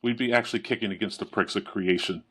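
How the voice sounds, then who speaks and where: A man's voice: fairly low pitch, a bit bright, husky. A man, a podcast guest, discussing theology in a thoughtful, affirming way. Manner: thoughtful, affirming, quick to agree.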